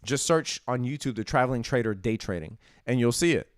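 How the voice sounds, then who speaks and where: A man hosts a stock market live-stream, emphatic and chatty, constantly tossing in "dude" and "right?". His mid-range voice is expressive and fairly quick, captured in studio quality with no room sound.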